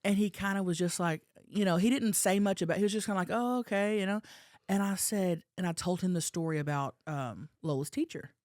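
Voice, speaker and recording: A woman with a slightly low voice is telling a story on a podcast, lively and animated, acting out the people she quotes. The sound is close and dry, as in a small studio. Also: brisk, no echo. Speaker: podcast co-host. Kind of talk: casual storytelling chat.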